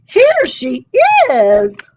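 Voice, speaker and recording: A woman voicing a little female bear cub who talks in a high, squeaky, wailing voice. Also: wildly swooping pitch, very slow, vocal fry, darkish tone, exaggerated voice. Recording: dull lo-fi sound.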